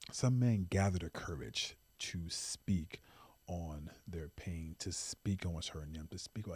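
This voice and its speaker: A man's voice: sits low, a little slow, darkish tone, slightly rough, dry recording. A man hosting a talk show, speaking in an earnest, impassioned monologue with repeated emphasis. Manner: impassioned, repetitive emphasis, pleading. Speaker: podcast host.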